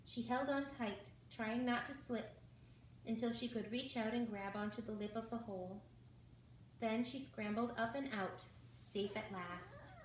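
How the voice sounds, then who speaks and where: A woman reading a children's book aloud in a slow, expressive way. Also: fairly high pitch, slight background noise. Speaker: reader. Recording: roomy, from far off.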